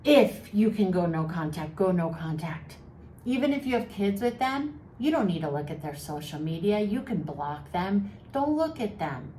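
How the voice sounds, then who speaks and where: Speaking straight to camera, a woman vlogger offers mental health advice in a fairly low, warm voice at normal speed, very animated throughout. She's sympathetic and chatty with a teasing, sarcastic edge, and the room echoes with faint background noise.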